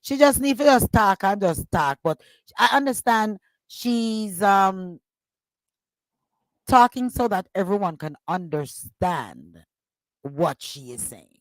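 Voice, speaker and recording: A woman's voice: mid-range voice, lively intonation, takes it slowly, dry recording, low-quality recording. A woman with a Jamaican accent speaking on a radio panel, hesitant and full of fillers as she talks it through. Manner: hesitant, many fillers and restarts, agreeing murmurs. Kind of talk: casual panel discussion.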